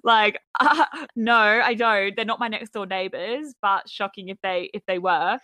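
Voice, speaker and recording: A woman's voice: medium pitch, unhurried, bright, forceful tone, no echo. An Australian woman co-hosting a podcast, chatting casually and quoting people in a mocking tone. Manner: chatty, quotes others in a mocking voice. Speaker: podcast co-host. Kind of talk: casual chat.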